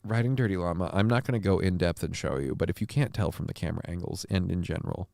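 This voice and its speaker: A man's voice: sits low, fast talker, gravelly, darkish tone, dry recording. Congested man rambling crudely on stream. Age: adult, father of a six-year-old. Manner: rambling, crude and joking, often sneezing and sniffing. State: congested from a sinus infection. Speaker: live stream host. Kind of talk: casual live-stream chat. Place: home basement room. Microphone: desk mic close to the face.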